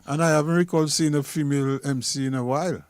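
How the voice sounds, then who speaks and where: A man's voice: on the high side, fairly even intonation, darkish tone, dry recording. Playful man, dry studio sound. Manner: playful, quick interjections. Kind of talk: radio panel chat.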